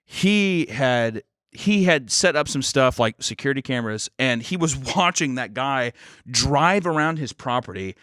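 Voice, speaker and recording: A young man co-hosting a podcast, telling a story in a casual, animated way, swearing freely and acting out quotes. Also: medium pitch, a little slow, dry recording, clean studio sound. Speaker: podcast co-host.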